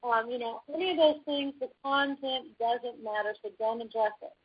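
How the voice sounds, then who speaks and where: A woman co-hosting a talk show, giving calm, instructive advice. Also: fairly high pitch, normal speed, husky. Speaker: podcast co-host. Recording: dull lo-fi audio.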